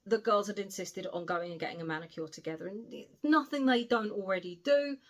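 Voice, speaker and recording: A British woman giving a casual spoiler recap of a novel she reviews, retelling it in an animated way with cheeky asides and the odd swear word. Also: mid-range voice, a little fast. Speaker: book reviewer.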